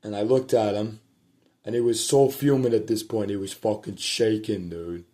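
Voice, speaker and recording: A man with a low, mellow voice recounts a story to the camera from his home at night. He rambles and swears, restarts his sentences, and lets his voice sink to a murmur now and then. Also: steady tone, normal speed. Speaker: vlogger telling a personal story.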